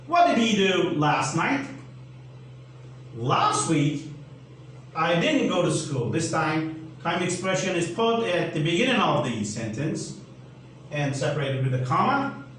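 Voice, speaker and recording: A man with a Turkish accent gives a grammar lesson at a very slow, careful pace, spelling out letters one at a time. His voice sits high and moves animatedly. The sound is roomy and distant, with a faint hum behind it. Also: sing-song, a bit bright. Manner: deliberate, spells out letters, asks then answers his own questions. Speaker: English teacher. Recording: echoey room, mic at a distance, faint hum.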